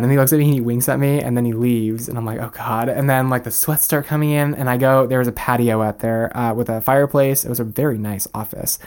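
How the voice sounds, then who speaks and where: A man's voice: medium pitch, brisk, few pauses, darkish tone, clean tone. A young man, a podcast guest, telling a candid personal story in a chatty way with many fillers. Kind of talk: casual storytelling.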